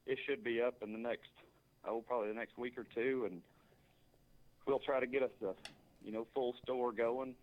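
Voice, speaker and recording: A man's voice: medium pitch, steady tone, normal speed, long pauses, narrow, tinny audio. A man, a bullfighter guest on a talk show, answering in a polite, plain-spoken way. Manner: polite, plain-spoken, says "yes, sir". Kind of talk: interview answers.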